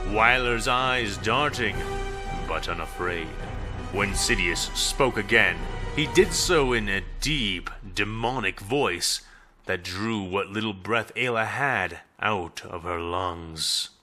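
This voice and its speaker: Low, slow dramatic male storyteller. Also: pushed and bright. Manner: dramatic, measured reading. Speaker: narrator. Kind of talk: scripted story narration. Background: background music.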